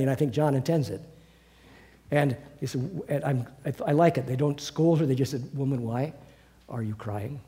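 A man preaching a sermon, earnest and halting, often breaking off and restarting his sentences. His voice is mellow and dark, and it rings with the long reverb of a large hall. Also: on the high side. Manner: earnest, halting, many restarts, drops to soft asides.

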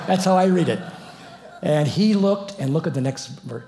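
Lively preaching man, mellow voice. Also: a little high, moderate pace. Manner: animated storytelling with asides and chuckles. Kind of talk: expository sermon on scripture.

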